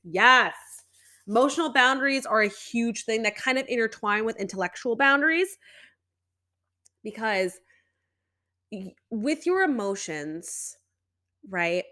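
A woman's voice: a little high, expressive, unhurried, long pauses, sharp tone. A young woman hosting a solo podcast, talking casually and chattily with lots of "you know" fillers. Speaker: podcast host.

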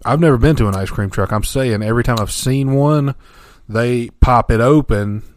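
A man co-hosting a casual podcast chat, animated and full of questions. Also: medium pitch, normal speed. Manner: animated storyteller, asks lots of questions.

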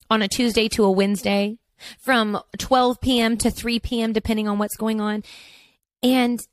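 A woman's voice: medium pitch, no room sound. A woman in her thirties hosting her own podcast, talking casually in a rambling, chatty way with lots of asides. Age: 30s. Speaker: podcast host. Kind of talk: casual solo podcast chat.

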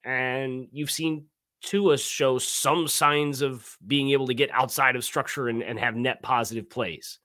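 A man co-hosting a casual sports podcast, talking in a lively way with quick restarts and self-corrections. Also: mid-range voice, dry recording, studio quality. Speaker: podcast co-host.

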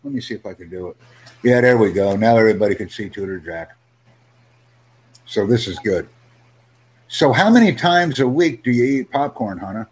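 A man teaching an English conversation lesson over a video call, upbeat and encouraging, speaking in simple, slowed-down phrases. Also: lowish voice, expressive, darkish tone, breathy edge. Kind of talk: live online English lesson.

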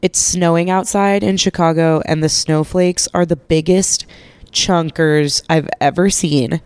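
Host, young adult woman, stuffy and nasal from a cold, chatty and self-mocking, smooth tone, dry close mic. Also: on the low side, steady tone, a little slow, darkish tone, no echo. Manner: rambling, chatty, swears casually, self-mocking. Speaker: podcast host. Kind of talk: casual solo podcast chat. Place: living room couch, lying under a blanket. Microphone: podcast microphone held while lying down.

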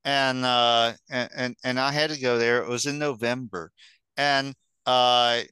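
Bright, crisp-voiced man telling anecdotes. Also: mid-range voice, measured pace, no room sound. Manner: relaxed rambling anecdotes with casual swearing. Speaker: regular podcast guest. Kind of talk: casual chat.

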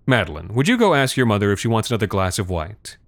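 A man's voice: on the low side, big pitch swings, quick pace, no room sound, studio quality. A man voicing a breezy, slightly tipsy suburban father who brushes off his daughter's worries in an airy, condescending way. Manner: airy, condescending, wine-soaked.

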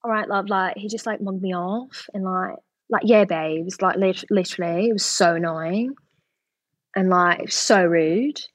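A woman's voice: medium pitch, measured pace, no room sound, lightly acted. A woman voicing a chatty young British reality-show woman with a British accent, full of gossipy fillers. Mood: gossiping. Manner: gossipy, valley-girl fillers.

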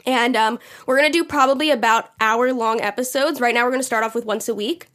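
Young woman on a chatty podcast, kinda high voice, laughs a lot, rambles with lots of ums. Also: quick pace, fairly bright tone. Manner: giggly, laughs often, rambling with fillers. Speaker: podcast co-host. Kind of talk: casual podcast chat.

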